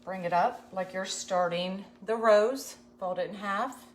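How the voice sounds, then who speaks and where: Speaking a little slowly in a medium-pitched voice, with a bit of hiss or hum on the recording, a woman from the USA leads a live craft tutorial. Chatty and folksy, she talks to viewers as she works.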